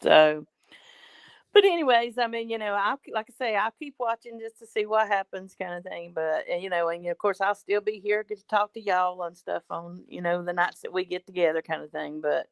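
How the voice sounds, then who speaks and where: A woman calls in to a talk show and chats casually. She rambles and tacks loose fillers onto the ends of her sentences. Her voice sits low for a woman, and the sound is dry. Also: moderate pace, clear, resonant tone, no room sound. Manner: rambling, trails off with "kind of thing and stuff". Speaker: regular caller. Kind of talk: casual chat.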